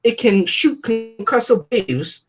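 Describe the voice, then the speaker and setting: A man's voice: very high-pitched, lively intonation, slow pace, a bit bright, soft background music. A man co-hosting a casual review chat, methodically picking apart story logic. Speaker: podcast co-host.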